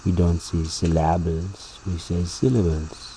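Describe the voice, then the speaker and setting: A man giving a slow, deliberate philosophical monologue, repeating words for emphasis. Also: deep voice, mellow, a little hiss or hum, rough recording.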